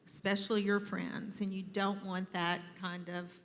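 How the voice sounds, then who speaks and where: A woman's voice: medium pitch, level tone, measured pace, slight background noise. A woman speaks plainly and firmly, giving practical advice in a group talk. Her voice rings with the long reverb of a large hall. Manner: direct, firm advice-giving. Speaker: group discussion participant. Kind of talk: earnest advice in a group discussion.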